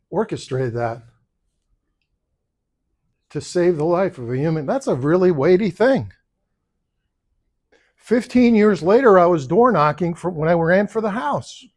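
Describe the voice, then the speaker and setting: A man's voice: sits high, a little mellow. A man running for office, giving a campaign speech at a luncheon and telling personal stories, acting out the other people's lines as he quotes them. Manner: storytelling, acting out quoted voices. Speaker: political candidate. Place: luncheon event room.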